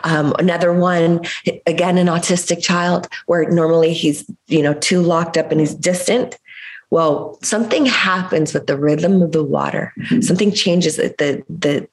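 A woman from the United States telling a personal story in an interview, in an animated, expressive way. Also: fairly low pitch, normal speed. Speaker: guest. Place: Los Angeles area.

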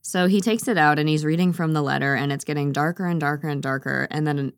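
A woman casually retelling a story in a relaxed, chatty way. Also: sits low, fast talker, smooth, no echo, clean studio sound.

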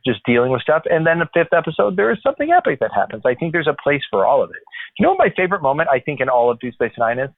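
A man's voice: mid-range voice, no echo. A man hosting a podcast from home in casual chat, enthusiastic and rambling, full of restarts. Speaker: podcast host. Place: corner of his house. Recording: tinny phone-like line.

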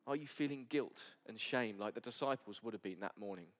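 Earnest low-voiced male preacher. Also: brisk. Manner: earnest, drops to soft near-whispers. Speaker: pastor. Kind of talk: sermon. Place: church service.

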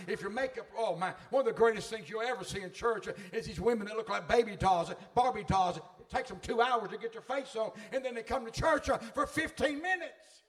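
A man's voice: very high voice, a little fast, few pauses. A middle-aged man preaching a sermon in a fervent, folksy way.

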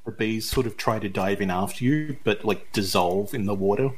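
A man's voice: on the low side, moderate pace. A man narrating and ruling as game master in a tabletop role-playing game.

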